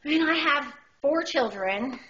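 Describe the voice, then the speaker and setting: A woman in her thirties performs stand-up comedy with a high, bright voice. She tells her story in an animated, exaggerated way. The recording is dull and lo-fi. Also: slight background noise.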